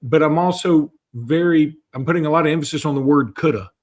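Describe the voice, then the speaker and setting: A man's voice: a little high, brisk. A man from Alabama with a Southern American accent, co-hosting a casual sports talk show in a chatty, self-deprecating way. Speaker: co-host.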